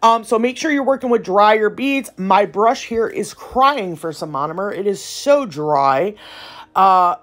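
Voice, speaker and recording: A woman's voice: mid-range voice, expressive, measured pace. A woman nail tech, chatting playfully through a casual voiceover tutorial in slangy talk.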